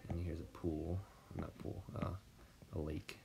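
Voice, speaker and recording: American guy muttering to himself as he draws, deep and slow, loud hum behind him. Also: level tone, creaky. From United States. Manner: mumbling, trailing off, drops to whispers; self-deprecating asides. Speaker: artist drawing on stream. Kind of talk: thinking aloud while sketching.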